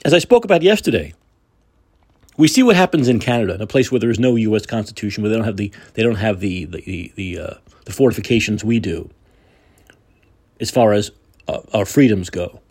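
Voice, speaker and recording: Husky, animated man ranting. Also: lowish voice, a little fast. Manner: combative, sarcastic, profane. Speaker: political talk show host. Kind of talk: opinionated monologue.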